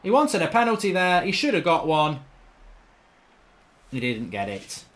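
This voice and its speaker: A man commentating on his own football video game in a chatty, rambling way, erupting into loud shouts when a goal goes in. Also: on the high side, measured pace. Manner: excitable, bursts into loud shouting over goals. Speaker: gaming commentator.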